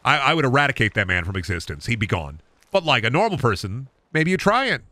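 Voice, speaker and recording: A man's voice: medium pitch, big pitch swings, fast, sharp tone, no room sound. A man who is a gaming streamer, riffing through absurd comedic stories on stream with frequent swearing. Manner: absurd, self-aware storytelling, swearing.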